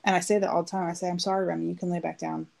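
Gravelly-voiced woman telling a story. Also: lowish voice, level tone, very fast, darkish tone, rough recording. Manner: chatty storytelling, acts out quotes. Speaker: podcast co-host. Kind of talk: casual chat.

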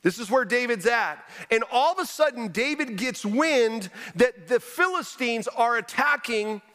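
A man preaching a sermon as pastor, earnestly questioning his congregation and dropping low and quiet for emphasis. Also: expressive, a little slow. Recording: long reverb of a large hall.

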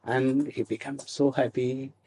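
A man telling a devotional story slowly, with halting restarts and asides asking "hmm?". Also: mid-range voice, flat delivery, dark tone, slight background noise.

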